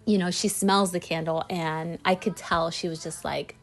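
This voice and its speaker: Chatty woman with a lowish voice. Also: fairly even intonation, normal speed. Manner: chatty, rambling, heavy use of "like" and "you know". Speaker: candle maker and small business owner. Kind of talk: casual storytelling vlog.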